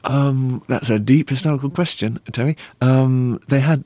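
A man, an author being interviewed, who reads from his novel and answers thoughtfully with frequent pauses and fillers. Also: mid-range voice, warm tone, dry recording. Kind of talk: interview answers and book reading.

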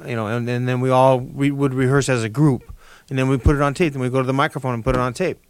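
An older man talking as a radio interview guest, halting and restarting, with many fillers. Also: medium pitch, steady tone, clear, resonant tone, no room sound.

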